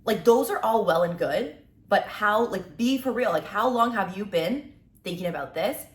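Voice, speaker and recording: A woman in her twenties giving an energetic, tough-love motivational talk as a content creator. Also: mid-range voice, normal speed, reverberant. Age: 20s.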